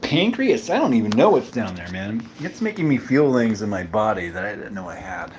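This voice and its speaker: A man's voice: fairly low pitch, sing-song, fairly quick, slight background noise. A man hosting a casual livestream, joking and rambling with lots of fillers while a bit drunk. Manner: rambling, joking, tipsy banter with frequent fillers. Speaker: livestream host.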